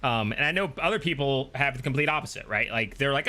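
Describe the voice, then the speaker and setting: A man's voice: medium pitch, animated, fast talker, few pauses, sharp tone. A man hosting a stream, chatting casually and rambling with many restarts while reading chat aloud. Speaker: streamer and host.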